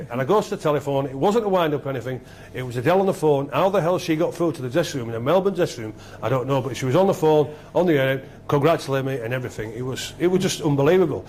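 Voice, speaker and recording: Guy, middle-aged, excited rambly storyteller, normal pitch, bit of hum behind. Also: racing, few pauses. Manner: excitable, rambling, repeats himself. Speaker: former rugby league captain, guest. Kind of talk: animated storytelling interview.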